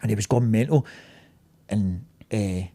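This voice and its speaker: A Scottish man hosting a podcast, telling stories in a sweary, animated way. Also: fairly low pitch, unhurried. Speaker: podcast host and business owner. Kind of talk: casual podcast chat. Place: podcast studio.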